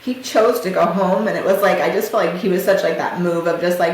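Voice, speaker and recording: A woman hosting a podcast, telling a painful personal story in an emotional, halting way with many fillers. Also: fairly low pitch, steady tone. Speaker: podcast host. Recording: very echoey room, faint noise.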